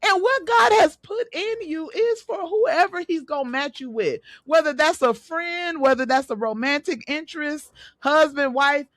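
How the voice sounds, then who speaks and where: This podcast host, a woman in her late thirties, sounds high-pitched and keeps a moderate pace in audio with no room sound. She chats animatedly and casually, laughing frequently and falling back on the same filler phrases.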